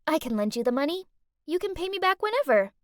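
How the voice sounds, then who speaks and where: A woman voicing a sweet, kind teenage girl in an animated story, soft and reassuring. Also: high-pitched, fast, no echo, clean studio sound, voice pushed up.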